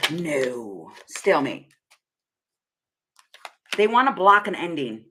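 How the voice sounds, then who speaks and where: A woman's voice: low-pitched, sing-song, very slow, background noise. A young woman giving a casual tarot reading to camera, rambling and laughing often as she thinks aloud. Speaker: tarot reader.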